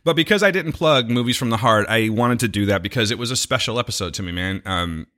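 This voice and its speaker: A man's voice: mid-range voice, fast talker, sharp tone. A man co-hosting a podcast, chatting casually in a rambling, jokey way full of tangents. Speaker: podcast co-host.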